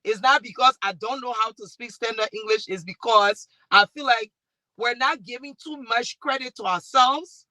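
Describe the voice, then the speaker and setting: Woman, Liberian accent, panel speaker, lively storytelling, sharp bright tone, dry close sound. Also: a little high, moderate pace, no echo, rough recording. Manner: animated storytelling with restarts. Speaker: talk show host and panelist. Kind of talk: panel discussion.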